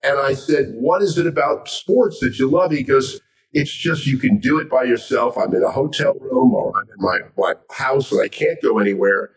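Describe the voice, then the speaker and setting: Animated man telling stories, lively pitch. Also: moderate pace, far from the mic. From United States. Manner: animated, acts out quoted dialogue. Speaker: sports commentator and guest. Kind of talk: casual anecdotal storytelling.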